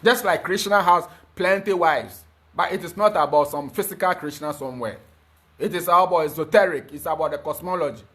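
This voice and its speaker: A man with a high voice delivers a fervent spiritual talk. He lectures emphatically and keeps stumbling over repeated fillers before pushing on. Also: a little fast, fairly bright tone. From Ghana. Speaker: spiritual teacher.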